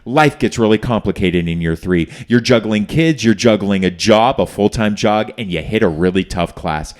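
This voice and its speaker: Emphatic low-voiced man telling a story. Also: normal speed. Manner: emphatic and animated, acts out quoted voices. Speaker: podcast host. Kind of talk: conversational storytelling.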